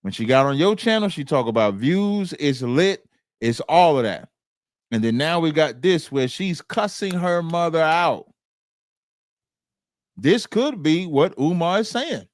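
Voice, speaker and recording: A man's voice: a little high, expressive, measured pace, no room sound, clean studio sound. A man co-hosting a casual commentary chat, emphatic and preachy with slangy phrasing. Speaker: co-host.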